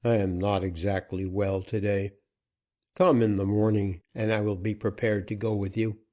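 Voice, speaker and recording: A man's voice: lowish voice, little pitch movement, normal speed, mellow, lightly acted. A man voicing a frightened male banker and former outlaw, stammering and pleading as he is cornered. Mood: guarded. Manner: stammering, pleading, rising in panic.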